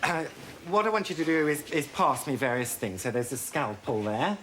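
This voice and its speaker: A man's voice: fairly high pitch, moderate pace. A man performing to a studio audience, camp and arch, dropping saucy innuendo as he banters. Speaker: sitcom lead playing to a studio audience. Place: TV studio set before a live audience. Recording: TV studio with loud audience laughter and hiss.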